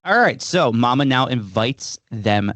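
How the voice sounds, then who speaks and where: A man's voice: medium pitch, expressive, measured pace, fairly bright tone, no room sound. A man co-hosting a podcast, recapping a film step by step with dry jokes in casual chat. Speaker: podcast co-host.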